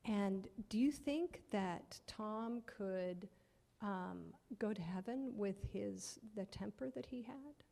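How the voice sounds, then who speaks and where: A woman's voice: medium pitch, slow pace, creaky, warm tone, long reverb tail. A woman telling a children's story at church, asking the children questions and often dropping to a near-whisper.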